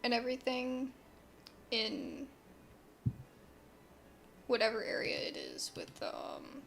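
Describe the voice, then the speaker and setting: A woman's voice: a little high, huge pitch swings, slow, gravelly, fairly bright tone, a little hiss or hum. A woman streamer chatting casually and rambling while playing a game. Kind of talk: casual gameplay commentary.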